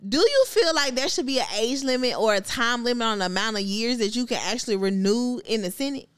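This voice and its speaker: A woman's voice: fairly high pitch, expressive, fast, clear, resonant tone. A woman, chatting casually and bluntly as a podcast co-host, swearing and laughing often. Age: 20s. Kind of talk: casual chat.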